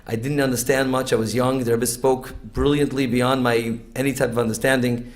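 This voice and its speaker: A man's voice: medium pitch, little pitch movement, moderate pace. A man introducing a speaker with a personal reminiscence. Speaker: event introducer.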